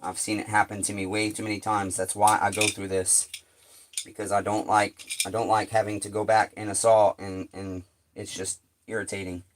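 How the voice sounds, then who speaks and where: A man's voice: on the low side, flat delivery, normal speed, background noise. A man streaming live from his workshop, cursing in frustration and talking to his viewers while he works. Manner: exasperated, heavy swearing; talks to viewers while working. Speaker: chainsaw repair streamer. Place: home workshop shed.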